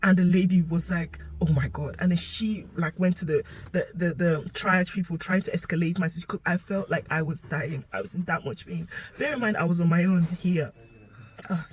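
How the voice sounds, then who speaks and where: A young woman telling a painful personal story to camera, emotional and halting, sometimes sinking to a whisper. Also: on the low side, slight background noise, rough recording. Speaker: vlogger sharing her story.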